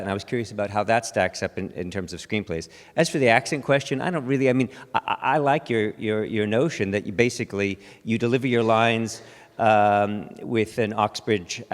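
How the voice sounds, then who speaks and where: Halting man asking from the floor. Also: fairly low pitch. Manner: halting, many restarts, polite. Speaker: audience member asking a question. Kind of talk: hesitant question from the floor. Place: large auditorium. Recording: distant voice in a reverberant hall.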